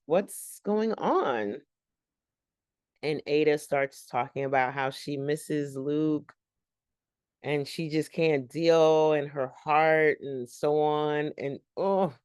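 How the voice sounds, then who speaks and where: A woman's voice: deep voice, darkish tone, no room sound, studio quality. A woman hosting a casual, rambling TV recap and talking straight to her viewers as "y'all.". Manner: chatty, addresses viewers as y'all; long-winded and rambling. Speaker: TV show recap host.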